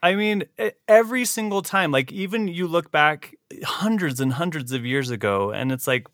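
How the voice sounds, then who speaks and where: Bright, animated male podcast host. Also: brisk, few pauses, dry recording, studio quality. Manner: animated, laughs often, big pitch jumps. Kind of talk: casual podcast chat.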